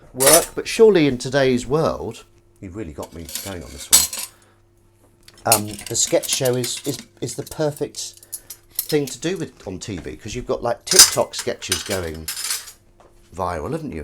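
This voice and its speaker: A man's voice: mid-range voice, noisy background. A man chatting casually on a live stream while he washes up in his home kitchen, rambling and self-mocking as he reads viewers' comments. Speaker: streamer hosting a washing-up livestream. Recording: dish clatter in the background. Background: clattering dishes and cutlery.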